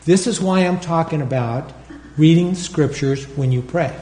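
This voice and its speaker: Animated pastor preaching in an echoey church. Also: male voice, fairly high pitch, normal speed. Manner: animated, acts out prayers and calls for congregation responses. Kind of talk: sermon.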